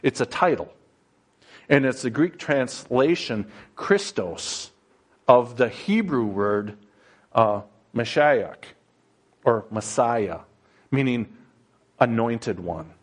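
A man preaching a sermon in a slow, conversational style, often pausing on fillers and building to emphatic, rising passages. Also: mid-range voice, expressive, husky. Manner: plain storytelling with frequent fillers.

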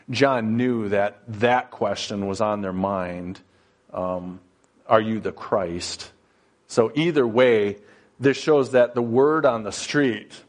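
Man, preacher, sermon, slow unhurried delivery, conversational with fillers, builds to emphatic peaks. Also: on the low side. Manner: plain storytelling with frequent fillers.

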